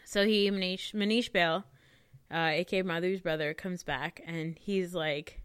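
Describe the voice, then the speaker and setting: A woman chatting casually as a co-host, retelling a film with giggles and animated acted-out quotes. Her voice is smooth and clear, recorded close and dry with no room sound. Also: fairly low pitch, a little slow, dry recording. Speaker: podcast co-host. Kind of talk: casual chat recapping a film.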